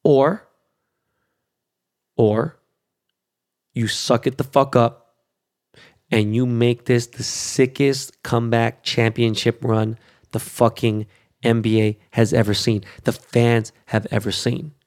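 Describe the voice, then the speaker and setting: A man's voice: medium pitch, little pitch movement, slow pace, darkish tone. A middle-aged man talking in a casual, rambling monologue, swearing a lot and filling his talk with fillers. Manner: profane and emphatic, full of fillers. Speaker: vlogger.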